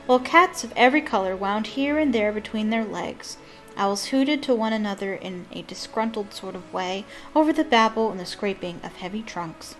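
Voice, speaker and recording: A woman reading a novel aloud expressively, breaking off for chatty asides with ums. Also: mid-range voice.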